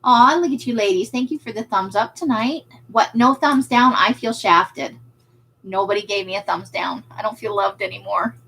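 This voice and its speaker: A woman's voice: medium pitch, moderate pace, creaky, a bit bright, husky, low-quality recording. A woman who runs a craft shop, hosting a casual livestream and chatting with viewers. She is self-deprecating and laughs often.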